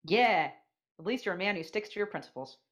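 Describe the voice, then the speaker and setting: Sarcastic woman co-host, lively pitch. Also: a little fast. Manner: sarcastic, bantering. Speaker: podcast co-host. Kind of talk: casual podcast banter.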